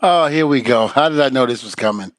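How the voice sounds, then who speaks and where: A man's voice: medium pitch, brisk, no echo. A man co-hosting a casual chat, playful and teasing, often laughing. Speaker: co-host.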